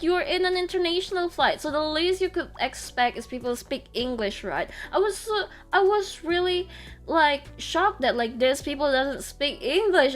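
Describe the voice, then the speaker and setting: Young female VTuber, high-pitched, casual chatty storyteller who acts out quotes, faint music underneath. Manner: animated storyteller, acts out quotes loudly, laughs often. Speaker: VTuber streamer. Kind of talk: casual chat.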